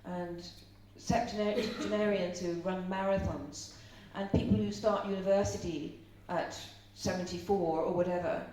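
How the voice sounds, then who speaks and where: Warm, fairly low and steady, this middle-aged Irish woman's voice is unhurried with few pauses. At a live seminar she chats, tells stories and quizzes the audience. Expect a roomy echo, a faint hum and a speaker far from the microphone.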